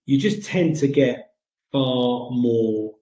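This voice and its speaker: A man's voice: mid-range voice, slow pace, dark tone, echoey room, rough recording. A man with a British accent hosting a casual chat segment, rambling with many ums and uhs. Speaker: segment host.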